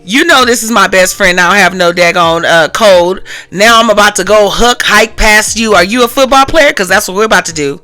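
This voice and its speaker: A woman's voice: mid-range voice, brisk, hardly any pauses, pushed and bright, faint music behind, lightly acted. A woman voicing a sassy, insistent young woman who is an emotional best friend, as she retells a scene. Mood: annoyed, sassy.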